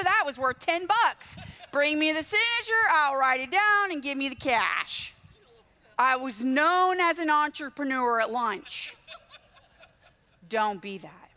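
A woman's voice: high voice, lively intonation, a little slow, bright, forceful tone. A middle-aged woman preaching a sermon, telling stories with emphatic swings in volume.

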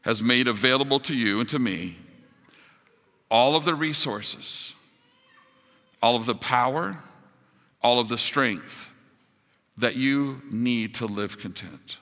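A man preaching a sermon as pastor, building to emphatic high points and dropping to soft, quiet appeals. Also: takes it slowly, long pauses, big-room sound. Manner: rises to emphatic peaks, drops to soft closing appeals.

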